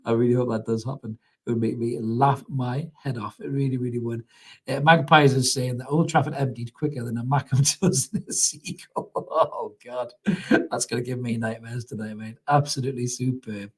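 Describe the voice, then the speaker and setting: A man's voice: mid-range voice, fairly even intonation, moderate pace, slightly rough. A young man hosts a live football reaction stream, chatting casually, laughing often and reading out viewer comments. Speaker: fan channel host.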